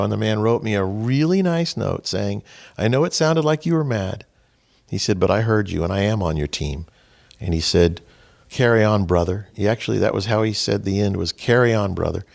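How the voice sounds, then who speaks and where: A man's voice: lowish voice, normal speed, gravelly. A man hosting a group discussion in a small room, talking earnestly and with emphasis, often quoting others. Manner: earnest, emphatic, acts out quotes. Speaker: host.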